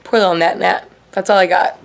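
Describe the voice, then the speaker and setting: A woman's voice: fairly low pitch, steady tone, fairly quick, gravelly. A woman hosting a casual TV recap vlog, rambling and swearing freely, with "like" in nearly every sentence. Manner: rambling, profane, heavy on "like". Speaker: show host.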